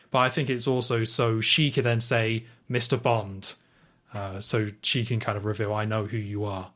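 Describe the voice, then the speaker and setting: A man talks through a film scene on a casual podcast. He quotes the characters' lines flatly, rarely putting on their voices, and keeps a relaxed, chatty pace. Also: mid-range voice. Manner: retells scenes, quoting lines in a flat voice. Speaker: podcast co-host.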